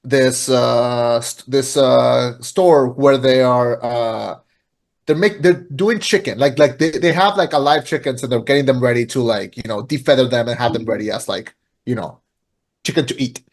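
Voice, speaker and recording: A man on a podcast retells a film in casual chat. He talks at a medium pitch, full of fillers and restarts. His sentences wander before they land. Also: moderate pace. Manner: rambling, filler-heavy, many restarts. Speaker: podcast co-host.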